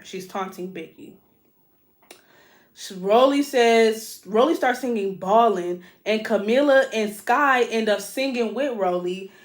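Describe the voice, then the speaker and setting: A woman hosting a podcast, recapping a reality show in a casual, profane, animated way and talking straight to listeners. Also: mid-range voice. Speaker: podcast host.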